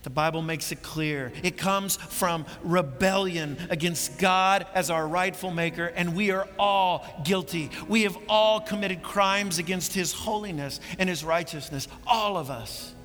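Impassioned man preaching, bright echoing hall. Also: high voice, unhurried, few pauses. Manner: impassioned, rising to emphatic peaks then dropping quiet. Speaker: pastor. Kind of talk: sermon. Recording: long reverb of a large hall with faint music.

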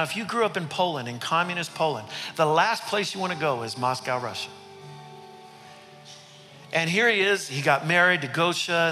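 A man's voice: high voice, bright, forceful tone. A male pastor telling a story in a sermon, building dramatic intensity. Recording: reverberant hall with faint music.

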